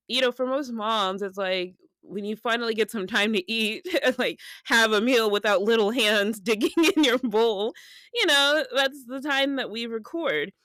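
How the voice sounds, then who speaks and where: A woman in her thirties co-hosts a podcast, her voice a little high on a dry recording. She chats casually, telling stories in a giggly, animated way and laughing often.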